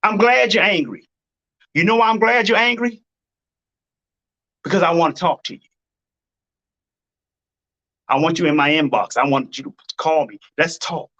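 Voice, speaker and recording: A man's voice: a little high, normal speed, long pauses, bright, forceful tone, muffled recording. A man hosting a live-stream advice talk, blunt and preachy, hammering his points by repeating them. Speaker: dating advice host.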